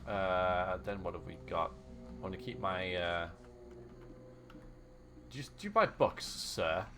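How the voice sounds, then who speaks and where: A man streams a video game, joking and chatting casually with viewers while laughing often. His voice sits low and sounds pushed and bright, animated but unhurried. Faint game music plays behind his live-stream commentary.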